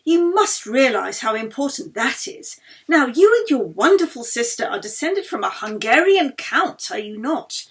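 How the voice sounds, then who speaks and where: A snobbish upper-class older lady who gushes pompously about her ideas, read aloud by a woman. The voice sits fairly high and comes out eager and loud. It is a storybook reading. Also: sing-song, normal speed. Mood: enthusing. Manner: enthusing, pompous.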